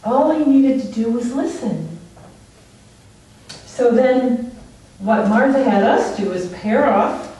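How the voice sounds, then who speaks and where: Her pitch is on the high side and her pace slow, with frequent pauses, as this woman gives a lively, conversational sermon. She tells stories and laughs often. The church sanctuary is echoey and she is recorded from a distance.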